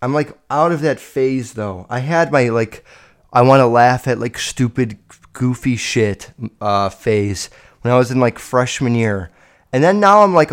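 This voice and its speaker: A man in his twenties hosting a solo podcast, telling stories in a rambling, profane, animated way. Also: medium pitch, moderate pace. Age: 20s. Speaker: podcast host. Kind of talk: casual solo podcast storytelling.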